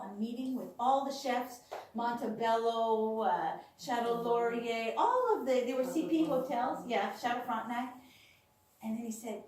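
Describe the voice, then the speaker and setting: A woman telling personal stories to a small audience, acting out what others said. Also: on the high side. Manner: animated storyteller, acts out quoted voices. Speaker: speaker sharing personal experiences. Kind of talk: storytelling talk to a small audience. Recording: echoey room, voice from far off.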